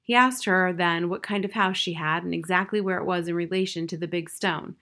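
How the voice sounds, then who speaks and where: A woman narrating a children's novel in a steady, plain storytelling manner. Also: on the low side, fairly quick. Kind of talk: reading a children's novel aloud.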